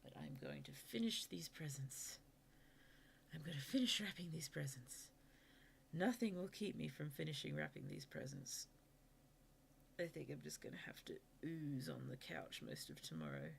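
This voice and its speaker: A woman's voice: sits low, wildly swooping pitch, normal speed, creaky, a little hiss or hum. A young woman streamer chatting casually late at night while wrapping gifts, sleepy and yawning, often dropping to a half-whisper and teasing herself.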